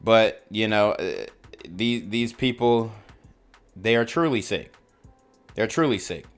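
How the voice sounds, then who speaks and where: A man hosting a news commentary channel, reacting in casual talk with drawn-out exclamations. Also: on the low side, soft background music. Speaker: host reacting to news clips.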